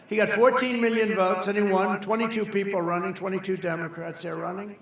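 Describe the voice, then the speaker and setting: Male political candidate at a rally, higher pitch, bright forceful tone, loose repetitive delivery, heavy venue echo. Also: steady tone, a little fast. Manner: rambling, repeats phrases for emphasis. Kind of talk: off-the-cuff rally speech. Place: large rally venue with a crowd. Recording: very echoey venue with crowd noise.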